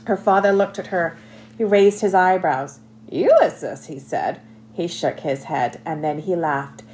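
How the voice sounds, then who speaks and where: A woman narrating a children's novel aloud in an expressive, scripted reading. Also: on the low side, unhurried, a little hiss or hum. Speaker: audiobook narrator.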